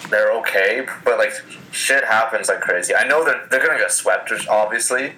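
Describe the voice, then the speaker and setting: A man's voice: fairly low pitch, moderate pace, sharp tone, a little hiss or hum, rough recording. A man chatting casually about hockey as a podcast co-host, blunt and swearing freely.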